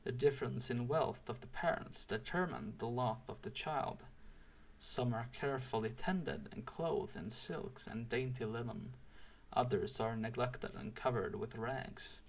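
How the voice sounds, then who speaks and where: A man voicing a wise, calm master woodsman who speaks with a gentle, measured teaching tone. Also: mid-range voice, creaky. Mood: gently instructive.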